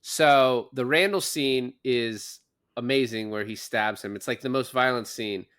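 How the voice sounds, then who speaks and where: A man's voice: medium pitch, a little slow, fairly bright tone, clear, resonant tone. A man co-hosting a podcast, chatting casually about a film and laying out his opinions point by point. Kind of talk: casual film discussion chat.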